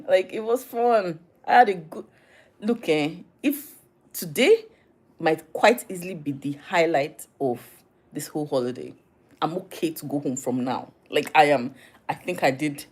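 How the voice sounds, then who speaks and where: A young woman from Nigeria with a Nigerian accent, talking casually in a diary vlog, chatty and animated, laughing often. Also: low-pitched. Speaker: vlogger.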